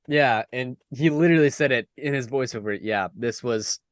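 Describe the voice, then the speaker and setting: A man's voice: medium pitch, moderate pace, no room sound, studio quality. A man co-hosting a film podcast, chatting casually and often adding "you know". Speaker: podcast co-host.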